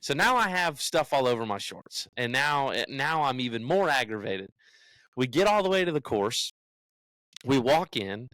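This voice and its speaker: A man's voice: medium pitch, moderate pace, dry recording, low-quality recording. Man telling a story, acting out quotes. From United States. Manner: animated storyteller who acts out what others said. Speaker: podcast co-host. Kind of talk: casual storytelling.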